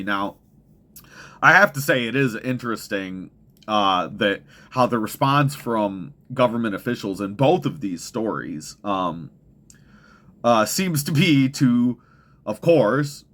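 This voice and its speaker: A man's voice: medium pitch, a bit bright. Heated, profane young man ranting. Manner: profane, heated, rambling with restarts. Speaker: podcast host. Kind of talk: ranting commentary podcast.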